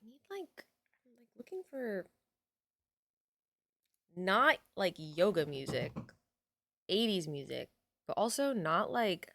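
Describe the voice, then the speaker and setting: A woman's voice: medium pitch, big pitch swings, slow pace, gravelly, pauses often, fairly bright tone, no room sound. A young adult woman chatting casually on a live stream, reading out her chat and swearing now and then.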